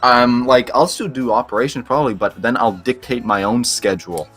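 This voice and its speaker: A man's voice: medium pitch, fairly quick, fairly bright tone, soft background music. A young Canadian man with a Boston-like East Coast tinge, chatting crudely and rambling with frequent laughs on a livestream. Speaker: livestream co-host. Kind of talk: casual chat.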